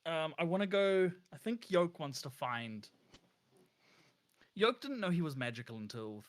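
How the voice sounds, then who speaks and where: A man's voice: a little high, sing-song, unhurried. A man with a New Zealand accent, playing a tabletop game and chatting casually. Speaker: player.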